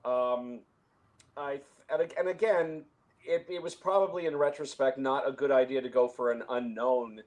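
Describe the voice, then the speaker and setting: A man's voice: medium pitch, moderate pace, a little mellow. A man in a casual film discussion, talking at length with frequent restarts and chuckles. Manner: rambling, many restarts, chuckles. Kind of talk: casual conversation.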